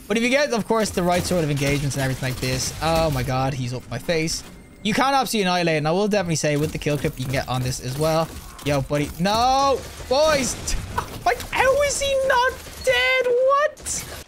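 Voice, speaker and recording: A young man hosting a gaming video, giving live gameplay commentary and reacting excitably as he plays. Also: fairly high pitch, a little hiss or hum. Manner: excitable, yelps and laughs mid-play.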